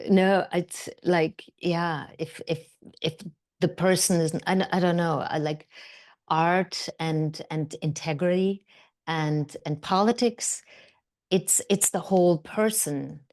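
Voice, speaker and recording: A woman with a slightly low voice tells stories as a podcast guest. She is animated and restarts often with lots of "you know" and "uh". She slips into quoted voices as she talks. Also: takes it slowly. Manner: animated, acts out quotes, many fillers. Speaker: guest actor. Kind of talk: conversational storytelling.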